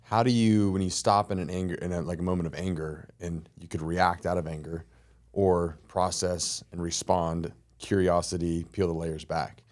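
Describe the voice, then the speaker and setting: Male co-host, deep voice, probing questions, relaxed chat. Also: moderate pace. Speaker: podcast co-host. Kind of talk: casual conversation.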